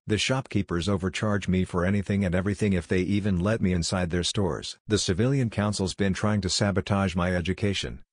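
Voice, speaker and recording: A man reading a fan story aloud, narrating and speaking every character in one steady voice. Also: sits low, dry recording, studio quality. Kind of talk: scripted narration.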